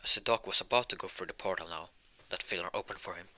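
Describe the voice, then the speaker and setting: Male storyteller, deep but very bright timbre, halting improvised fan narration full of restarts. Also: slight background noise. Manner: rambling, halting, with many restarts and "like" fillers.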